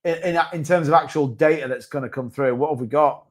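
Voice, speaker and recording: A man's voice: on the high side, fast talker. A man hosting a crypto livestream, talking casually and rambling with restarts and asides. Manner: rambling, chatty, with many restarts and asides to chat. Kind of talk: casual live-stream market commentary.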